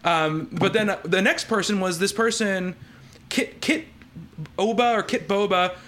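A man's voice: high-pitched, a little slow, fairly bright tone, slight background noise. A man hosting a podcast, telling a story in casual chat with lots of fillers and restarts. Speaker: podcast host.

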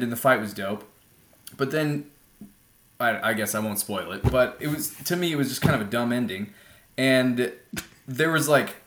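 A man chatting as a podcast guest about films, ranting in an animated, opinionated way into a laptop mic. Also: mid-range voice, reverberant. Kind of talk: casual film chat. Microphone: laptop built-in mic.

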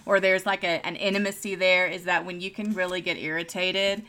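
Woman, sincere and halting, low pitch with a bright edge. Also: steady tone. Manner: earnest, halting with fillers. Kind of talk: casual group chat.

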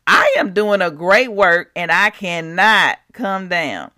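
A woman's voice: fairly low pitch, a little slow, bright, forceful tone. A woman hosting a prayer podcast, preaching in a casual, chatty way. She laughs often and acts out scripture scenes.

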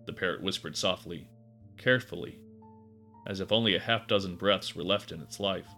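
A man narrating a dark story in a measured, expressive way. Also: low-pitched, soft background music. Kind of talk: dramatic audiobook narration.

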